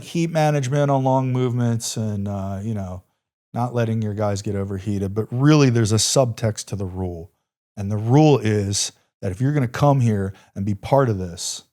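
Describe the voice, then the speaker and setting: A man's voice: medium pitch, dark tone. A middle-aged man, a former soldier, telling a war story in a podcast interview with intense, emphatic delivery and blunt swearing. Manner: intense, emphatic, repeats phrases, swears freely. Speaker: podcast guest, former Army Ranger.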